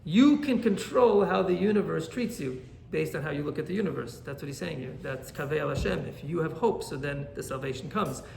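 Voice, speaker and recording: A man, a rabbi, teaching an animated Torah class and often checking in with "right?". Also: on the high side, fairly quick, gravelly, few pauses, roomy sound, slight background noise.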